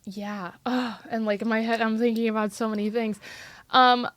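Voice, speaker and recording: A woman who teaches youth violence prevention, telling stories in a podcast interview in an earnest, animated way with frequent "like". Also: a little high, moderate pace, dry recording.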